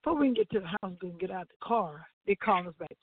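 Animated woman testifying over a phone line. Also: medium pitch, fast, a little hiss or hum. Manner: animated storytelling with laughs and acted-out quotes. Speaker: gospel radio co-host. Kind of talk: testimony on a gospel talk show. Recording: dry, tinny phone-line sound.

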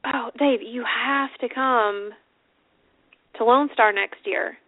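Chatty giggly lady on a bike radio show, kinda high voice, sounds thin like over a phone. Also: takes it slowly. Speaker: co-host of a custom motorcycle radio show. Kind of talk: casual chat on a call-in radio show. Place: Sarasota. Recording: phone-like narrow band, dry.

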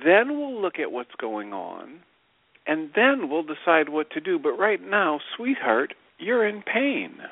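A man voicing a gentle grandmotherly older woman who soothes herself softly and tenderly. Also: on the high side, wildly swooping pitch, creaky, dry recording, voice pushed up, exaggerated voice. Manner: soft, tender, slow. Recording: tinny phone-line radio audio.

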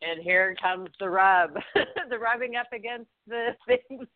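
Slow-talking woman podcast co-host, thoughtful and giggly, heard through a phone-quality line. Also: a little high. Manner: reflective, laughs between thoughts. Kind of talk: casual chat. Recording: tinny phone-like sound.

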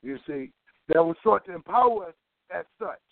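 A man's voice: high-pitched, lively intonation, normal speed, gravelly, no room sound. A man giving an impassioned political talk as an organizer, emphatic and preachy, repeating phrases for weight. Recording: tinny phone line, dry.

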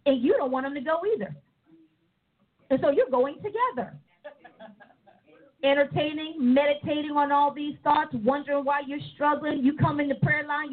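A woman with a high voice preaches a sermon, lively and expressive. She acts out the voices of people she talks about. The sound is thin and tinny, like a phone line. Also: husky. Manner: animated, mimics people in voices.

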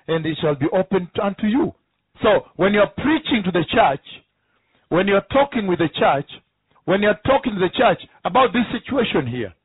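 A man's voice: sits high, breathy edge, dry recording. A man preaching a sermon, emphatic and repetitive, often turning to ask the listeners rhetorical questions. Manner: emphatic, repeats key phrases, asks the audience rhetorical questions. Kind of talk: sermon teaching. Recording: tinny phone-like line.

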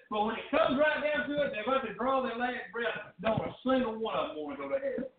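A man preaching a fervent sermon as pastor, with rising shouts and drawn-out phrases. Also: extremely high pitch. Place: church sanctuary. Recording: distant, echoey, phone-like church recording.

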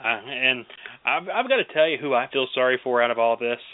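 Male radio host, chatty and sympathetic, with a lively voice on a thin, dry line. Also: mid-range voice, brisk, dry recording. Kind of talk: radio interview. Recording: tinny phone-like line, dry.

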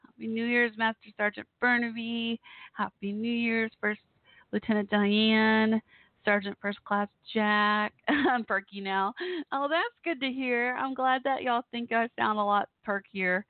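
Still weak-voiced after the flu, an internet radio host chats affectionately with her audience, addressing them directly on her laid-back online show. Her voice is a little high, steady and unhurried, in a dry, tinny, phone-like recording.

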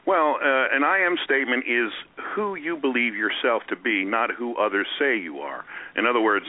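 A man who is a guest on a radio talk show, talking in an animated way and acting out the voices he quotes. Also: mid-range voice, normal speed. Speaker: guest speaker. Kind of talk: radio interview. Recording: tinny phone-line radio sound.

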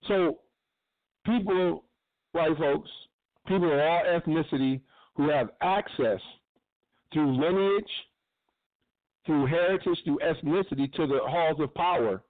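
A man's voice: fairly high pitch, measured pace, pauses often, no echo. A man hosting a radio show, giving blunt, profane, impassioned commentary. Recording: tinny phone-line sound.

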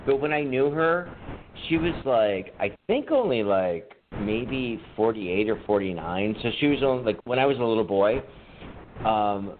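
A man's voice: on the low side, expressive, measured pace. A man co-hosting a podcast, telling rambling, profane stories in casual chat. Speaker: podcast co-host. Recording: tinny phone-like line with faint noise.

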